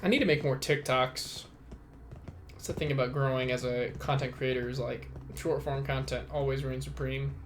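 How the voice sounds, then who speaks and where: A man's voice: medium pitch, fairly even intonation, normal speed. A young man hosting a casual solo podcast, rambling and self-mocking, swearing freely. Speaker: podcast host.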